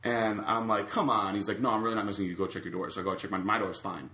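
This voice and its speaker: A man's voice: lowish voice, rapid-fire, reverberant. A man casually telling a long anecdote, acting out the other people's lines. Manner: animated storyteller acting out quotes. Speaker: storyteller guest.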